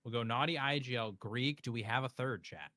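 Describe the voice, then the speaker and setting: Bright-voiced man hosting a casual stream. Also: medium pitch, dry recording. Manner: offhand, quick joking banter. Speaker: streamer host.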